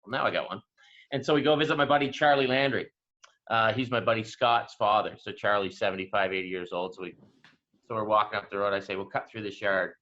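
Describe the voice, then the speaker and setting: A man with a Nova Scotian accent telling a rambling anecdote as a guest in a casual interview, in a relaxed way. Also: lowish voice, fast talker, lo-fi sound. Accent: Atlantic Canadian, Nova Scotia. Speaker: sports broadcaster guest.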